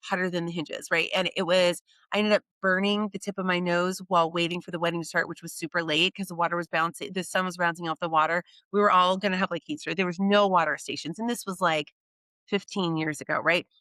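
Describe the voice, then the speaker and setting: A middle-aged woman chatting as a guest on a podcast, animated and full of quick asides. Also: on the low side, no room sound. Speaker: guest, wedding PR expert. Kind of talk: casual podcast chat.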